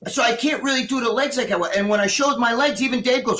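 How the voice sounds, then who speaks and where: A middle-aged man with a very high, pushed, bright voice talks at a quick pace. A guest on a casual live stream who is recovering from surgery, he rants heatedly and ramblingly with lots of swearing.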